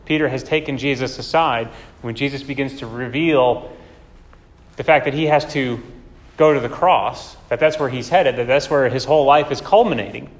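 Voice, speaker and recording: A man's voice: medium pitch, moderate pace. A man preaching a sermon in a conversational way, often asking rhetorical questions. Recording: long hall reverb.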